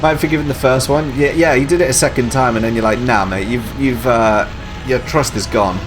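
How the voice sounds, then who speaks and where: A man's voice: mid-range voice, fairly even intonation, quick pace. Guy ranting over his game stream, sarcastic, faint music behind. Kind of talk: casual gameplay commentary.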